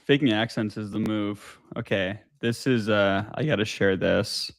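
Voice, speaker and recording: A man co-hosting a podcast, telling stories in a relaxed, unhurried way and swearing now and then. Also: on the low side, creaky, no room sound, clean studio sound. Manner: laid-back, drawn-out storytelling with swearing. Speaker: podcast co-host. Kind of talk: casual chat.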